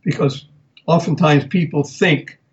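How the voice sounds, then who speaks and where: An older man hosting a live talk radio show, speaking slowly and deliberately and spelling words out for emphasis. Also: on the high side, steady tone, dull audio.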